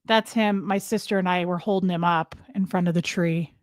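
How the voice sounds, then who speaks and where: A woman's voice: on the low side, fairly even intonation, normal speed, no room sound, studio quality. A woman hosting a casual livestream, rambling from topic to topic and greeting viewers by name. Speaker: livestream host. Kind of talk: casual live chat with viewers.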